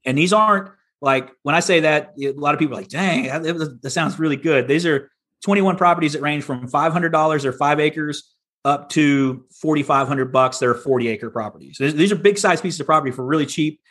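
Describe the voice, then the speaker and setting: A middle-aged Texan guest on a podcast tells his story candidly and casually, restarting and repeating himself often. His voice runs high, brisk and fairly bright.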